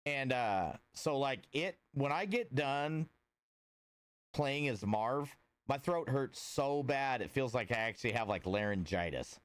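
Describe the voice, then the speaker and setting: Greeting viewers by name, this friendly, easygoing livestreamer rambles along with lots of fillers. He speaks a little slowly in an expressive, clear, resonant medium-pitched voice, with no echo on the audio.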